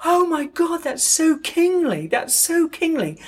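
A woman doing a brash young rock star who can hardly believe his eyes. He yelps his words high and loud, cursing in amazement, in a voice pitched well above her own. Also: big pitch swings, measured pace, heavily acted. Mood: delighted. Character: excitable young male rock star, swearing and starstruck.

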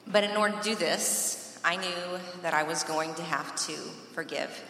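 A woman's voice: lowish voice, sharp tone, slight background noise. Woman testifying in an echoey hall. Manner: earnest, emphatic, with dramatic pauses. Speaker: speaker giving a personal testimony. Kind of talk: faith testimony talk. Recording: echoey hall from far off, faint ambience.

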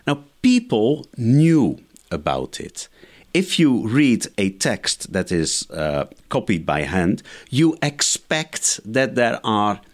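Guy w a lowish voice, scholar walking thru his points, pitch all over the place. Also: big pitch swings, takes it slowly. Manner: lecturing, methodical, enumerates points. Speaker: biblical scholar guest. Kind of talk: explanatory interview answers.

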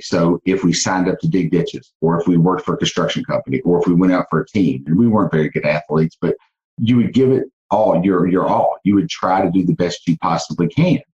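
A very deep-voiced man with a Southern twang talks about his life as a podcast guest. He tells it earnestly, stopping and restarting often. The sound is dull and lo-fi. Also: a little fast, a little mellow. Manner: earnest storytelling with many restarts. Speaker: guest, car dealership owner. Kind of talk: casual podcast interview.

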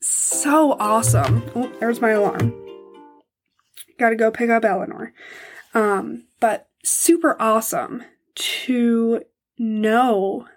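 A fairly high-voiced young woman talks through a painful personal story on her podcast. She pauses often to keep from crying and sometimes falls to a near whisper. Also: faint music behind. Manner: emotional, pausing to hold back tears. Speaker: podcast host.

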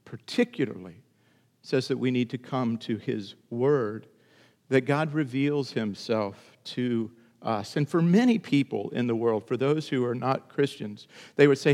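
A man preaching a sermon in an earnest, emphatic way, now and then leaping up in pitch to drive a point home. His voice sits at an ordinary middle pitch, and it rings out with the long reverb of a large church hall. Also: a little slow, a little mellow. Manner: earnest preaching, rising to emphatic high bursts. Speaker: pastor.

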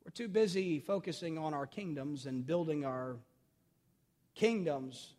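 A middle-aged man and pastor preaching a sermon, switching between loud, urgent emphasis and quiet storytelling, repeating phrases and speaking straight to his listeners. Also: a little high, measured pace. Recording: long reverb of a large hall.

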